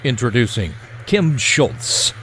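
A man reading a scripted podcast introduction in a smooth announcer manner, using airline-style patter. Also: medium pitch, big pitch swings, takes it slowly, a bit bright, a little hiss or hum. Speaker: show announcer.

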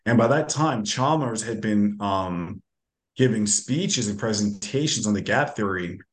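A man's voice: lowish voice, lively intonation, a little slow. A male guest author explaining in casual talk, with plenty of fillers and restarts. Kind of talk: casual chat.

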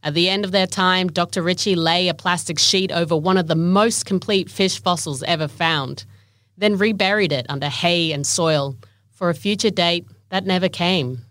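A woman narrating a documentary in a measured, steady scripted voice. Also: fairly low pitch, no room sound, studio quality.

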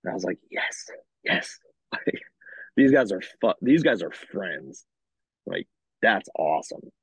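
A man's voice: deep voice, measured pace, creaky, husky, no echo. A man, a metal band singer, chatting as a guest and telling stories with animation. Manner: animated storyteller, laughs between lines. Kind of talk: casual chat. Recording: dull lo-fi sound.

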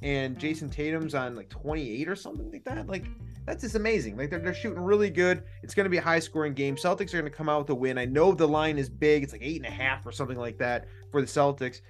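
A man's voice: on the high side, lively intonation, quick pace, faint music behind. Chatty man hosting a betting podcast. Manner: chatty, laughs often, jokey. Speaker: podcast host. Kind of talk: casual sports betting chat.

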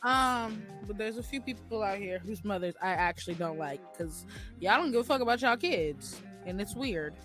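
A woman's voice: mid-range voice, expressive, normal speed, fairly bright tone, faint music behind. A woman co-hosting a casual chat podcast, telling stories bluntly and candidly with slang. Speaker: podcast co-host.

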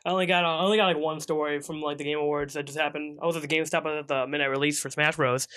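Bright-voiced young man telling a story. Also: a little high, very fast. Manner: animated storyteller, acts out voices. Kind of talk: casual chat.

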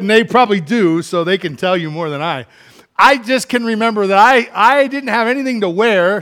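A middle-aged male pastor with a high, light voice delivers a sermon. He is animated, dropping low and quiet one moment and rising loud the next as he acts out complaints. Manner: animated, acts out quoted complaints with big swings in loudness.

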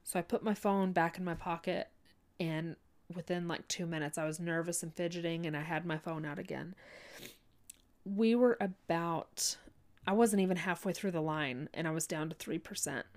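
Woman, slightly low voice, heartfelt personal testimony, halting, restarts, casual fillers. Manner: halting, restarts often, fillers like "you know" and "like"; earnest, heartfelt. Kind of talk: emotional personal storytelling.

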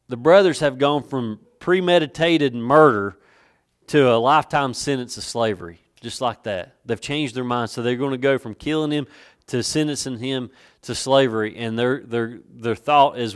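A male pastor preaches a sermon, breaking into slow, emphatic readings of King James scripture. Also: medium pitch.

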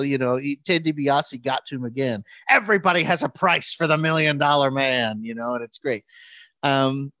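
A man telling a long story in casual chat, animated, with frequent restarts and fillers. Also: medium pitch, dry recording.

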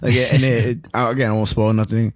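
A young man in casual podcast chat, rambling and easygoing, often breaking into laughter. His voice sits at an everyday middle pitch. The sound is dry and close, with no room echo. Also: little pitch movement, brisk. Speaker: podcast co-host.

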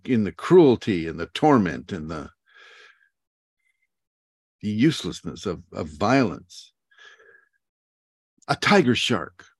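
A man's voice: medium pitch, no room sound, clean studio sound. A man, a spiritual teacher, talking casually on a video call, rambling with frequent chuckles. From United States. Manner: rambling, chuckling often, animated asides.

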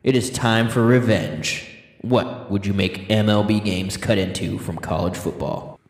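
A man co-hosting a podcast in casual banter, easygoing and agreeable, tossing in quick reactions. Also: lowish voice, slight background noise. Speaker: podcast co-host.

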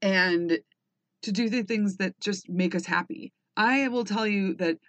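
A woman's voice: mid-range voice, unhurried, fairly bright tone, no room sound. A woman in her thirties or forties hosting a personal podcast, talking candidly, swearing freely and rambling with restarts. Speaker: podcast host.

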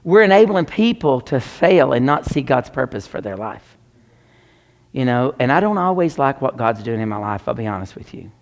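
A man preaching a sermon as pastor, swinging between loud exclamations and hushed near-whispers. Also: mid-range voice, big pitch swings, moderate pace, big-room sound.

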